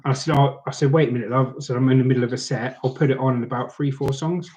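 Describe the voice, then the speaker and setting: A middle-aged man with a British accent telling a story to the camera in a relaxed, chatty way. His voice sits at a middle pitch for a man, and he acts out what other people said with animated voices. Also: fast talker, few pauses, low-quality recording. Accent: British English.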